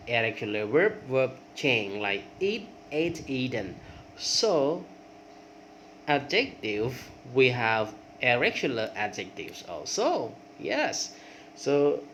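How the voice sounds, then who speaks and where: A man's voice: medium pitch, a bit bright, a little hiss or hum. A man whose first language is Khmer, teaching English grammar and drilling word forms aloud, with frequent checks of "okay". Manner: repeats word forms in drills, rising on examples, many okays. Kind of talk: grammar lesson.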